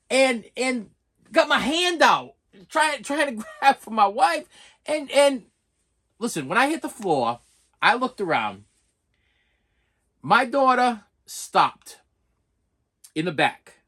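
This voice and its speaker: A man's voice: very high voice, big pitch swings, slow pace, long pauses, pushed and bright. A man in his forties telling a self-mocking story in a casual vlog, stammering and often saying "listen". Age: 40s. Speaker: vlogger.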